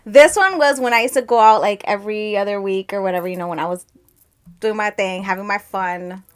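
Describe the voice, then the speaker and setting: A woman's voice: mid-range voice, fairly quick, clean tone. A young woman co-hosting a podcast, telling stories in casual chat and laughing through them. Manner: animated storyteller, laughs through her stories. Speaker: podcast co-host.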